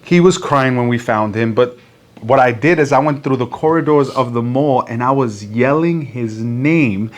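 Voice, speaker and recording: A man's voice: medium pitch, normal speed. A man preaching a sermon who tells a story with energy and acts out the people in it, in front of a congregation. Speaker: pastor.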